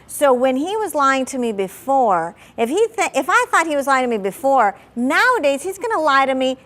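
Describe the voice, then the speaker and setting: A woman therapist speaks frankly about raising her son, her voice sitting a little high. She talks in an animated way, peppering her speech with "like" and playing up her old temper. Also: moderate pace. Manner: animated, fillers of "like", dramatizes her own anger. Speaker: family therapist. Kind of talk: candid talk on parenting.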